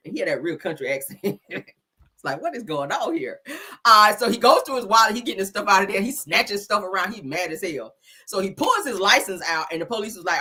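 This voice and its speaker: A woman hosts casual commentary, loose and profane, breaking into laughter and acting out the people she talks about. Her voice is bright and somewhat husky. Her pitch swings widely. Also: a little fast. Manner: animated, profane, laughing, mimics others. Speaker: commentary channel host. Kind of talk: casual talk-show commentary.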